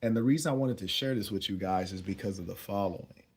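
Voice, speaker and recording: A young man telling a story as a dating advice host, relaxed and slangy, often chuckling as he talks. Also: low-pitched, quick pace, slightly rough. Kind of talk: casual storytelling monologue.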